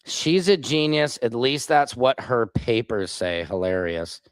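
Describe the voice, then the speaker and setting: A man's voice: medium pitch, sing-song, a little slow, smooth, no room sound. A man from the United States hosting a livestream. He rants heatedly about politics with a lot of swearing and answers viewers' comments as they come in. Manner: profane, heated, reads viewer comments aloud. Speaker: livestream host.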